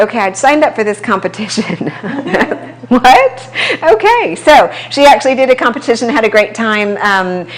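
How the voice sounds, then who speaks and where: Woman trainer telling client stories. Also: mid-range voice. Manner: conversational storytelling, quick asides. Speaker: personal trainer. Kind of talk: casual talk to a small audience. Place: chiropractic office.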